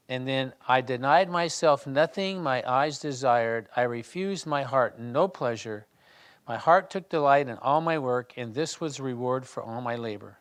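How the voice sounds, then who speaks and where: A man leading a Bible study, reading scripture aloud and then talking it through in a conversational way, often restarting and clearing his throat. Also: medium pitch, unhurried. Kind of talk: reading scripture and discussing it in a small group.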